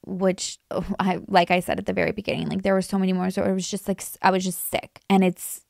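Creaky-voiced woman rambling through true crime. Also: medium pitch, big pitch swings, fast, a little mellow, dry recording, clean studio sound. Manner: rambling, with many fillers and restarts. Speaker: true crime YouTuber host. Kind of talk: casual true crime commentary.

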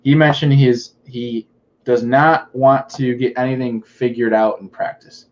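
An excitable man co-hosting a podcast, chatting casually and retelling stories with relish. His voice sits at a middle pitch. The recording sounds a little dull and muffled. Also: a little slow. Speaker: podcast co-host. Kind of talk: casual fishing chat.

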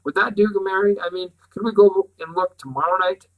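A man's voice: high-pitched, a little fast, phone-quality sound, pitched above the performer's own voice. A man reading aloud and voicing an eager young girl.

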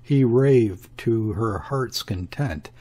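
A man reading a classic novel aloud as an audiobook narrator, in a measured, even manner. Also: fairly low pitch. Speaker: audiobook reader. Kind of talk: scripted literary narration.

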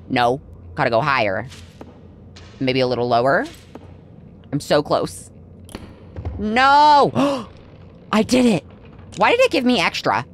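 Speaking in a low voice with slight background noise, a gaming channel host plays a horror game in a let's-play video. She's chatty, addresses the characters directly and jumps with surprise easily.

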